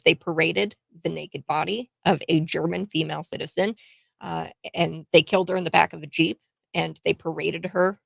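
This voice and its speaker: An American woman hosts political commentary in an indignant, emphatic way, stumbling over fillers and restarts. Her voice sits a little low with a gravelly edge. The recording is dry and close. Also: no room sound. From United States. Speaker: host.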